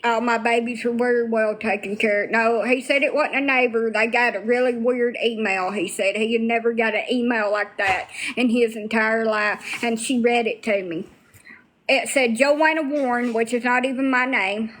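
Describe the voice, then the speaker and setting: A woman's voice: a little high, steady tone, normal speed, a bit bright. A woman talking bluntly to viewers on a casual livestream, swearing freely.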